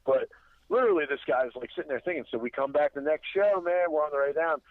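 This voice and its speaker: A wrestling promoter from Delaware, appearing as a podcast guest, tells road stories in a rambling, casual chat, often restarting sentences and acting out quotes. His voice is a little high and quick, and the dry recording has a tinny phone-line sound.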